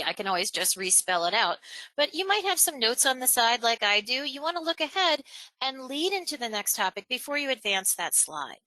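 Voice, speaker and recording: A woman presenter leads a virtual training session on a video call, talking energetically and putting emphasis on her key points. Her voice sits a little high and bright, and the close mic sounds dry. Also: no echo, low-quality recording. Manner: energetic, emphatic, varies tone and pace on purpose. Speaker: webinar presenter.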